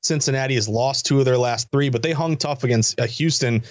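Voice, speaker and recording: A man talking as a sports betting analyst guest in quick, energetic, chatty sports betting banter. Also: medium pitch, no room sound. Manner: fast, energetic, chatty delivery. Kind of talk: casual sports betting talk.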